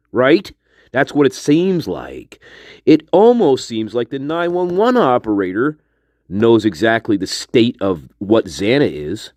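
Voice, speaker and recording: Profane, animated male livestream ranter. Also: medium pitch, no echo. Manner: profane, emphatic, asks rhetorical questions; greets chat viewers by name. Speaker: livestream host. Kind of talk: casual livestream rant.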